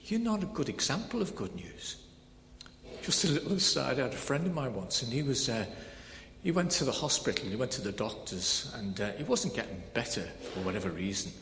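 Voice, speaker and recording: A man preaching a sermon in a conversational, animated way, swinging between loud proclamation and soft emphasis. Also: mid-range voice, brisk. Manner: conversational, with many fillers like "kind of, like". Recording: echoey hall with faint background noise.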